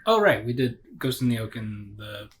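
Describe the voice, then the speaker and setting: A man's voice: mid-range voice, sing-song, normal speed. A man in a casual tasting chat, reviewing a beer while he rambles and searches for words.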